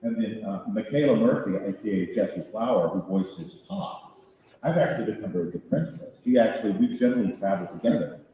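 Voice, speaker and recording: An older man in his sixties holds a convention panel crowd with lively, self-mocking anecdotes. His voice is mellow and swings widely in pitch. It reaches us from a distance in a big hall with long reverb. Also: brisk, muffled recording, slight background noise. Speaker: voice actor guest on a panel. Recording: echoey hall picked up from far off.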